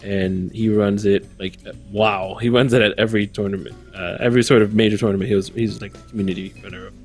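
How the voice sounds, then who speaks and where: A man's voice: lowish voice, steady tone, fast, soft background music. Rambling male podcast co-host. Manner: rambling, stops to search for words. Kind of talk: casual podcast chat.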